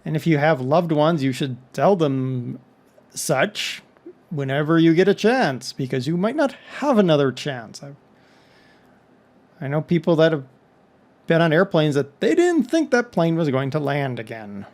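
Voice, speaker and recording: A man's voice: on the high side, big pitch swings, a little slow, a little mellow. A man from Texas talking casually to his viewers in a rambling monologue full of joking asides. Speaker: vlog host.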